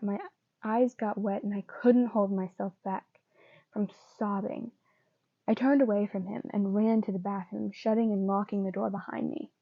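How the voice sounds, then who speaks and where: A woman reading fanfiction aloud in an earnest first-person voice, with pauses and small slips. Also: fairly high pitch, no room sound, dull audio. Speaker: fanfiction reader.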